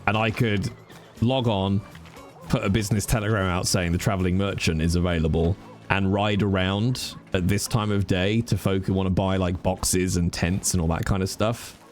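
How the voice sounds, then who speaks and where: A man's voice: low voice, fairly even intonation, moderate pace. A man streaming, chatting casually in a rambling way and swearing freely. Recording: music playing behind.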